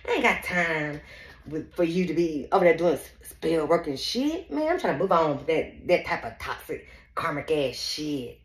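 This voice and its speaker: A woman running a casual spiritual reading chats straight to her audience, breaking into laughter often and swearing freely. Her pitch swings widely as she talks. The voice rings in an echoey room. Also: big pitch swings, normal speed. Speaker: psychic reader.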